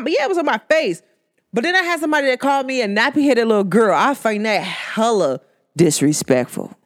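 A young woman talks through her solo podcast with sass and a lot of bounce. Her voice sits a little high, and it keeps jumping between bright highs and low, drawn-out lows. She laughs easily between points. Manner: animated, sassy, swings between high and low tones; laughs often while talking. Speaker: podcast host. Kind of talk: casual solo podcast monologue.

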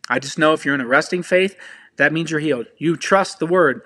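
A ministry speaker preaches informally, sharing his personal testimony earnestly and pleadingly as he addresses listeners directly. He has a high voice with a bright, forceful tone.

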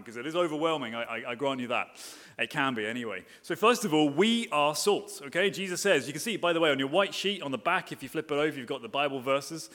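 A man's voice: a little high, bright, forceful tone. A man, a pastor preaching a sermon, with many fillers and restarts that build to emphatic repeated phrases. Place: church hall, live sermon. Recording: long reverb of a church hall.

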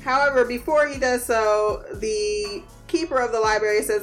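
A woman casually recapping a TV episode, slangy and animated, acting out the characters' lines and laughing often. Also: on the high side, moderate pace, few pauses, faint music behind.

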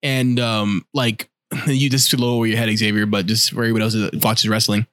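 A man chatting on a podcast at a rapid clip, excited and loose with his swearing. He keeps breaking into acted-out quotes as he tells a story. The sound is close and dry. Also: fairly low pitch, no room sound. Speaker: podcast co-host. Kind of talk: casual chat.

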